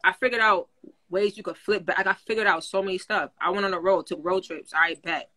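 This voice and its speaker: A woman coaching listeners on credit in a casual livestream, talking in animated slang and laughing often. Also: lowish voice, fairly quick. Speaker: credit coach teaching a class. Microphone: phone.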